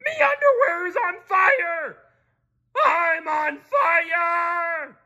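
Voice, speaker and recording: A shrieking, frantic crab boss, very high and strained, for a storybook reading. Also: male voice, extremely slow, bright, forceful tone, raised voice, dull audio, heavily acted. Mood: panicked. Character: panicky crab restaurant boss, male, middle-aged.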